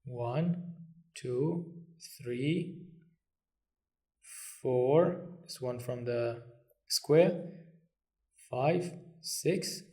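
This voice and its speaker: A man's voice: mid-range voice, extremely slow, long pauses, dark tone. A man teaching a language lesson, patient and reassuring, counting strokes aloud as he writes. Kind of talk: step-by-step lesson.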